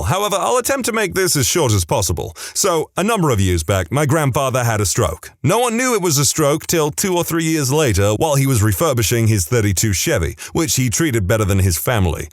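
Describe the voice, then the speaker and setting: Male narrator, mid-pitched, wry delivery, dry booth sound. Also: dry recording. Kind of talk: reading stories aloud.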